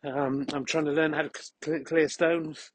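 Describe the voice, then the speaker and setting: A man hosting a podcast while walking outdoors in a field, rambling in a mock-serious, deadpan way. He is a little out of breath and slightly unwell. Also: on the high side, measured pace, no echo. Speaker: podcast host. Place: outdoors in a field on a cold windy day.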